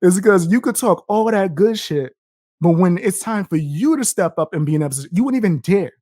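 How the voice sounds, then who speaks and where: A man's voice: sits high, expressive, fairly quick, dark tone, no echo, studio quality. A young man live streaming, reacting with a profane, combative rant and taunting his viewers between laughs.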